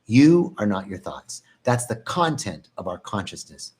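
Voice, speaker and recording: A man speaks slowly and thoughtfully, guiding listeners through a meditation talk. He repeats phrases in a calm rhythm and sometimes jumps higher to mimic a panicked inner voice. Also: slightly rough. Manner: calm, reflective, repeats phrases, swings into animated mock panic. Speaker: meditation teacher. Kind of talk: spoken meditation talk on a live stream.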